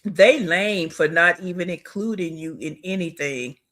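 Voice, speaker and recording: A man's voice: high-pitched, measured pace, a bit bright. Scornful man reacting to a clip. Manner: blunt, scornful. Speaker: reaction video host.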